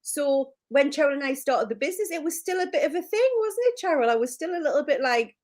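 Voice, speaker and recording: Geordie woman co-hosting a live chat, chatty and self-mocking, voice on the high side. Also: animated, quick pace, hardly any pauses, darkish tone. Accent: Geordie (Newcastle). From Newcastle, England. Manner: chatty storyteller, lots of "like" and self-deprecating laughs. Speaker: co-host.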